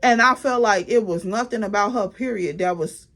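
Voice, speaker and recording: A woman telling a story in a casual vlog, animated and blunt, with plenty of cursing. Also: medium pitch, moderate pace.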